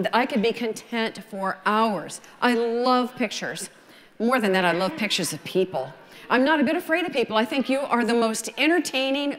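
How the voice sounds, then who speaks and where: Folksy older Southern woman in a hall. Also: a little high. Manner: folksy storytelling, animated asides. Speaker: photography speaker. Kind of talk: conference talk.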